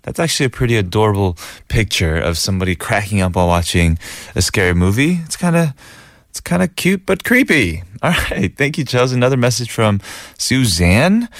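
A man's voice: mid-range voice, normal speed, dry recording, studio quality. A man hosting a casual radio show, reading listener messages and laughing easily. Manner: laughs easily, animated and chatty. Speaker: radio host. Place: radio studio booth.

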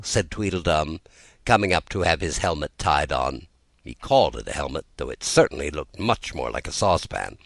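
A man narrating a children's storybook aloud in an expressive reading style. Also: very deep voice, normal speed, creaky, no echo.

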